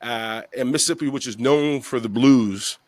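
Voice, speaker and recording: A man's voice: medium pitch, moderate pace, dry recording. A middle-aged man hosting a podcast, telling a long story in casual chat and acting out the people in it. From the Bronx, New York. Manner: animated storyteller, acts out quoted voices. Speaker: podcast host.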